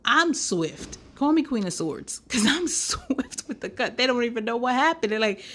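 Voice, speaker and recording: A young woman hosting a podcast, telling a story in a sassy, animated way with lots of slang and laughter. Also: on the high side, normal speed, hardly any pauses. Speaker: podcast host. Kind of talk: casual storytelling.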